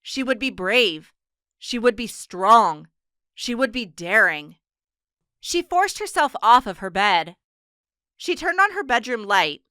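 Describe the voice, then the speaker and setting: A woman narrating an audiobook in a steady, measured storytelling manner. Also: fairly high pitch, clear, resonant tone, no echo, studio quality. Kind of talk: scripted narration.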